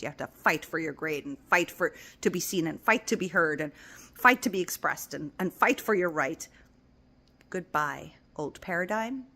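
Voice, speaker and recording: A woman with a slightly low voice talks gently as a spiritual coach in a casual motivational chat. She speaks with affection and keeps repeating her encouragements. Her voice often sinks to a near whisper. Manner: repetitive, encouraging. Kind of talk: casual motivational talk to camera.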